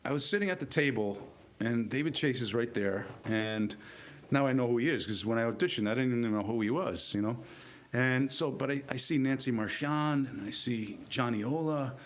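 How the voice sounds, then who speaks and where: A middle-aged man, an actor guest, telling stories in a lively, expressive way. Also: mid-range voice, normal speed. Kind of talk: casual storytelling.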